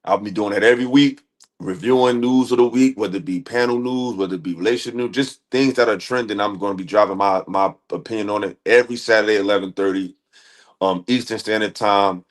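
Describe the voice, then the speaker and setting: A man's voice: lowish voice, steady tone, fast talker. A man hosting a live stream, talking casually to his audience in loose slang with many fillers. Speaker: livestream host.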